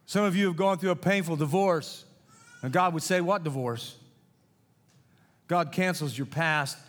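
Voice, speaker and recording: A man's voice: sits high, moderate pace. A middle-aged man preaching a sermon in a folksy way, mixing jokes with scripture in a church sanctuary. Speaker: pastor. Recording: long hall reverb.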